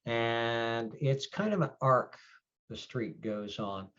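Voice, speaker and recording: A man as game master describing the scene for a tabletop game, unhurried and filling pauses with "uh". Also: mid-range voice, a bit bright. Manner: unhurried, with many fillers. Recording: dull lo-fi audio.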